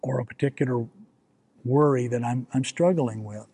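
A man's voice: medium pitch, normal speed, warm tone, slightly rough. A man preaching a sermon as pastor, in a conversational way, often restarting with repeated words and asking the listeners questions.

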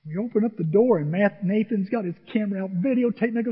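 A man in his sixties preaching a sermon, telling a personal story in an animated, emotional way. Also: sits high, quick pace, few pauses, husky. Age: 60s. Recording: echoey hall, dull lo-fi sound.

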